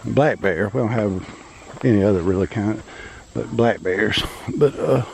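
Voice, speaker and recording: Gravelly Louisiana man vlogging a hike. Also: lowish voice, a little slow, a little mellow, slight background noise, poor audio. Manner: rambling, joking, folksy. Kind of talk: casual hiking vlog narration. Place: outdoors in a pine forest.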